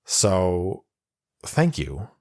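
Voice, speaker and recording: A man's voice: deep voice, very animated, extremely slow, darkish tone, heavily acted. A man voicing an earnest, kind young male pilot who stammers and trips over his words.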